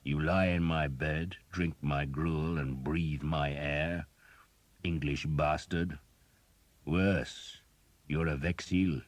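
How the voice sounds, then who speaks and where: A man voicing a scarred knight in his thirties with a deep, harsh voice, growling and sour. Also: fairly even intonation, takes it slowly, dry recording. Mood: gruff.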